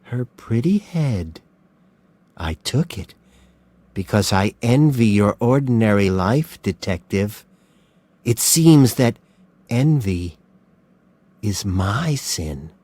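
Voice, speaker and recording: A man voicing a calm, smug male serial killer who speaks softly and slowly. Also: lowish voice, dry recording. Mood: menacing. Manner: soft, slow, mocking calm.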